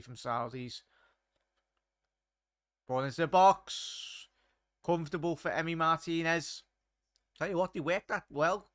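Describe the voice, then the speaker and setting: A man's voice: a little high, bright, forceful tone, no room sound, clean studio sound. A young man hosting a live match watchalong, commentating casually and chatting to viewers. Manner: chatty, laddish, reads chat aloud. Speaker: watchalong host.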